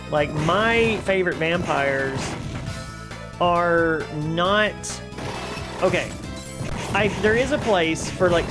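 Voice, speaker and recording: A man's voice: fairly high pitch, vocal fry. A young man streaming a game, chatting casually, rambling and joking back at his chat.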